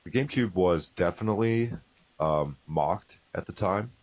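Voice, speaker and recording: A man with a very deep voice, chatting laid-back as a podcast co-host. He swears casually and goofs around. The recording sounds dull and lo-fi. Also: normal speed. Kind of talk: casual gaming podcast chat.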